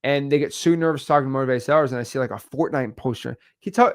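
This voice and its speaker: A man coaching on real estate wholesaling, energetic and repetitive, acting out example calls. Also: mid-range voice, quick pace, few pauses. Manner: energetic, repeats words, acts out examples. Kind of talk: teaching talk on video.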